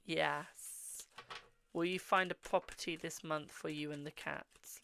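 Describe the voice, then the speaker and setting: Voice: mid-range voice, fairly even intonation, takes it slowly, creaky, fairly bright tone, a little hiss or hum. A host reading tarot on a live stream, answering viewers' questions, calling them "my darling" and murmuring while drawing cards. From England.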